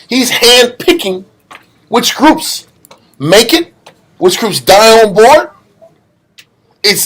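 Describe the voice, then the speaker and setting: A man's voice: high voice, sing-song, slow pace, pauses often, a bit bright, slightly rough. A man leading a group scripture study, preaching in a blunt, emphatic way with street slang. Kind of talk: informal Bible study sermon.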